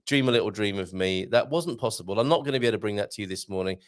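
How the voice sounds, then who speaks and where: A man hosting a live online show, rambling excitably to viewers and reading the chat. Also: fairly low pitch, very fast. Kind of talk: casual live-stream chat.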